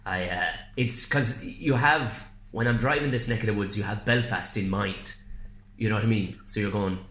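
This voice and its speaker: An Irish man chatting casually as a podcast guest, swearing freely and telling animated stories before a gig. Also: fairly low pitch, moderate pace. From Ireland. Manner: swears a lot, animated storytelling. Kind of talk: casual chat. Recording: roomy echo.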